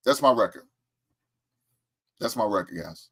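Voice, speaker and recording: A man's voice: fairly high pitch, sing-song, normal speed, a bit bright. A man hosting a casual live-stream sports talk show, boasting about his predictions and firing back at the chat with laughs and trash talk. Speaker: show host.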